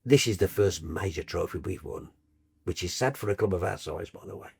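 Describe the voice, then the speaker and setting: An older man from Birmingham, England tells football stories in a podcast chat. He is animated and slips into the voices of the people he describes. His voice sits a little low. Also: a little fast, vocal fry, husky. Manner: animated storyteller, acts out voices in his tales. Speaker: football broadcaster, guest.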